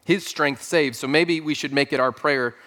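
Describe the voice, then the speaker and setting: A man's voice: a little high, moderate pace, bright, forceful tone. A man preaching a sermon as pastor, earnest and emphatic, building points through repeated phrases.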